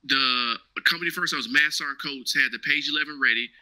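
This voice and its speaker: Fast, forceful man telling stories. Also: on the high side, poor audio. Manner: animated, slangy, acts out quoted dialogue. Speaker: guest, former Marine now cloud engineer. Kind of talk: casual storytelling interview.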